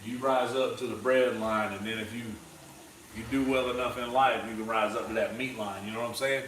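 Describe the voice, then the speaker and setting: A man's voice: on the low side, steady tone, fairly quick, a bit bright, far from the mic. An opinionated man rambles casually on a cooking livestream, swearing as he goes. He sits a bit back from the mic in a roomy space with a faint hum behind him. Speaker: streamer host. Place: indoor kitchen.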